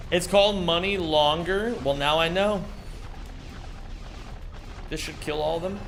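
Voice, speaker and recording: A man streaming a game speedrun, chatting casually with his chat, swearing and bursting into excited shouts. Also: fairly high pitch, unhurried, gravelly, a little hiss or hum. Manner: reads chat aloud, swears, excitable outbursts.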